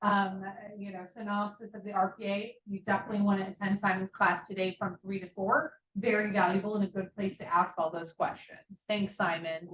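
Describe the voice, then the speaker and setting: A woman's voice: medium pitch, flat delivery, fairly quick, few pauses, a bit bright, a little hiss or hum. A woman hosting a team meeting, upbeat as she announces the calendar and introduces a guest, recorded in an office meeting room by a distant microphone. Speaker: meeting host. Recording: echoey room, voice from far off.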